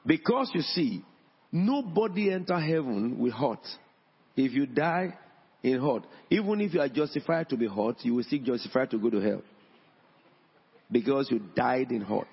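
A man preaching a sermon in a church, emphatic, with his pitch rising on key points. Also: animated, moderate pace, gravelly, slightly rough. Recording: dull sound in a long-echo hall.

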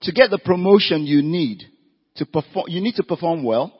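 A man's voice: on the high side, expressive, moderate pace, slightly rough. A man giving an evening seminar talk with slides, firing rhetorical questions at his audience and stressing his points. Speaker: career talk speaker. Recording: echoey hall, dull lo-fi sound.

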